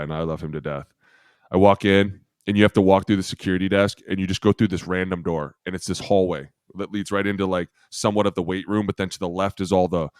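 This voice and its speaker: A former lineman in his thirties tells his story on a podcast, his low voice rich and clean. He swears casually and rambles from one detail to the next, close to a dry studio mic. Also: clean tone, no echo. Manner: profane, blunt, rambling anecdotes.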